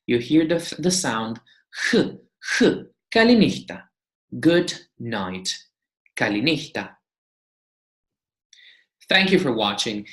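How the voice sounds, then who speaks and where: Woman teacher, very deep voice, lively pitch, patient repeat-after-me drills. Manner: repeats each word several times, explaining patiently. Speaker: language teacher. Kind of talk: slow beginner lesson with repeated drills. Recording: echoey room.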